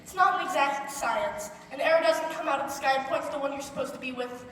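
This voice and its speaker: A woman's voice: sits high, quick pace, fairly bright tone, slight background noise. A woman playing a wry, rambling male musical fan, confiding asides to the audience on stage. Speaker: narrator character. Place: theater stage. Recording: distant echoey stage recording.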